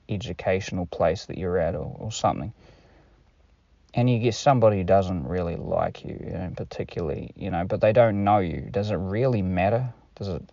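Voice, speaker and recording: A man's voice: low voice, mellow, dry recording, dull audio. A man talking casually to camera in a rambling monologue, swearing freely and using many fillers. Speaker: vlogger.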